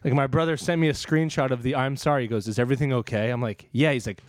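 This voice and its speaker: A man hosting a podcast, telling a story in a casual, animated way and laughing often. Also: mid-range voice, fast talker, no room sound. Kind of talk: casual chat.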